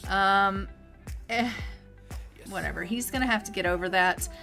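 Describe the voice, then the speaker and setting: A woman streamer giving casual let's-play commentary, chatty and full of fillers and quick asides. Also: mid-range voice, gravelly, pushed and bright, faint music behind. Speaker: game streamer.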